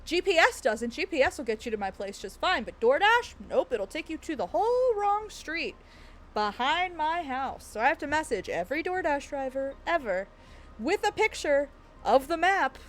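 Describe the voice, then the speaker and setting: A woman streaming a game and chatting with her viewers, high-pitched and swooping all over the place. She gushes and giggles easily, and her talk stays loose and casual. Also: very animated, normal speed. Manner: bubbly, giggly, gushing.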